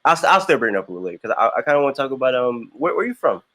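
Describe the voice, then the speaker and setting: A young man from Florida hosting a podcast interview, chatty and slangy, with quick bursts and lots of filler. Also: medium pitch, big pitch swings, fairly bright tone. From Jacksonville, Florida. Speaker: podcast host. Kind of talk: casual interview chat.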